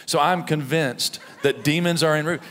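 A middle-aged pastor preaching a sermon in a conversational, storytelling way, with frequent "right?" asides. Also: male voice, on the high side, moderate pace, a bit bright. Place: church sanctuary. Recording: long reverb of a church hall.

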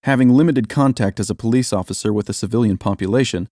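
A man reading a story aloud in steady, even scripted narration. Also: fairly low pitch, fast, no room sound, clean studio sound.

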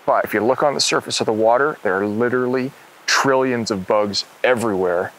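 A man's voice: medium pitch, brisk, slight background noise, poor audio. A middle-aged man hosting an outdoor fishing show, talking with enthusiasm on a river. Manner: enthusiastic, excitable.

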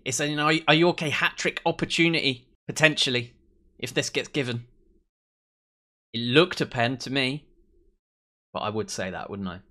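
A young man commentating on his own football management game, excitable, cheering his team and mocking rivals. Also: mid-range voice. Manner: excitable, swears and mocks players. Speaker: let's play host.

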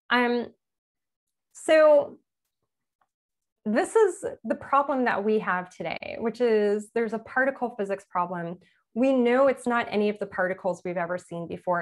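Woman physicist, author-talk lecturer, plain explainer, medium pitch, informal. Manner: explains plainly with everyday examples, self-correcting. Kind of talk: conversational public lecture.

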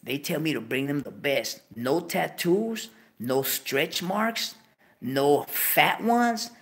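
A man hosting a show, telling a long profane story and breaking into high yelps of disbelief. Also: lively intonation, slow pace, fairly bright tone. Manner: swears constantly, bursts into high yelps of disbelief. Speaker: show host.

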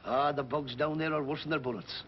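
A man's voice: fairly high pitch, steady tone, fairly quick. A man playing a folksy wounded soldier in a 1930s film. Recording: dull old film soundtrack with hiss.

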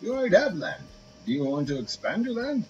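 A man voicing a pushy male land seller in a game, with high, questioning sales patter, on dull lo-fi audio with hiss. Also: huge pitch swings, a little fast, darkish tone, recorded from a distance.

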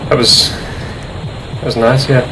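Slow-talking man doing game commentary. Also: mid-range voice, flat delivery, background noise. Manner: jokey, jumpy reactions to scares. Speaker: let's-play host. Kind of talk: casual gameplay commentary. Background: horror game music.

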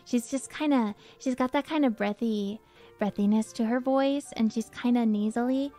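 A woman streamer talks casually to her viewers in a slightly high voice, rambling, giggling and gushing with affection. She often downplays her own skills with a laugh. Quiet music plays faintly behind her. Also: normal speed.

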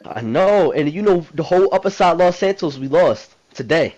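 A man's voice: fairly high pitch, animated, normal speed, darkish tone, highs cut off, close to an everyday voice. A man voicing a brash, hot-tempered male president in a video game role-play drama, rambling in profane street slang. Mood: worried.

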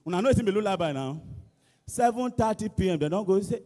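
A Nigerian man tells stand-up comedy with lively, animated delivery in a very high voice. His voice rings out with a long echo through a large church hall. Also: fast. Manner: animated, mimics school songs and shouts. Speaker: comedian contestant. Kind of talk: stand-up comedy in Pidgin and English.

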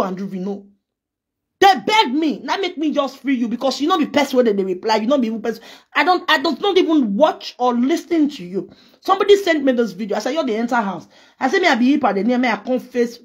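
Nigerian woman, high and husky, angry insult-laden rant. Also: very animated, brisk. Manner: heated, scolding, trading insults. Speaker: social media personality.

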